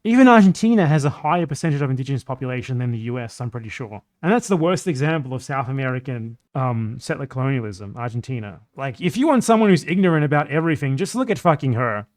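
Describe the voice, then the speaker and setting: A young man streaming live, ranting in a combative, profane way about politics. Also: on the high side.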